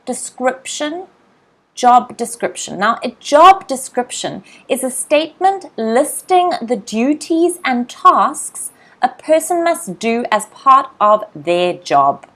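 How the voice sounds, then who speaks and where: A young woman with an Australian accent teaching English vocabulary in a live online lesson, repeating each word slowly and greeting viewers by name. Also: a little high, very animated, fairly bright tone. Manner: slow, drilled word repetition.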